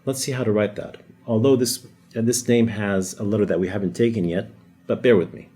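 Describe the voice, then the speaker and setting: Man teaching a lesson, low mellow voice, a bit husky, patient with light jokes. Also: steady tone, a little fast. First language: Arabic. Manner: explains patiently, demonstrates sounds, jokes lightly. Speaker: Arabic teacher. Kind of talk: casual whiteboard lesson.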